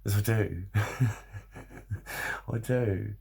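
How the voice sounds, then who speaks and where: A man's voice: fairly low pitch, very slow, creaky, dark tone, slightly rough. A man vlogging in a loose, rambling monologue, swearing a lot and laughing often.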